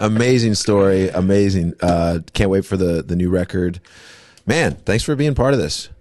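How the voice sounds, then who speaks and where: Male podcast host, very low voice, relaxed, dry close mic. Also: normal speed, no room sound. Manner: relaxed, reacts with short exclamations. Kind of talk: casual interview chat.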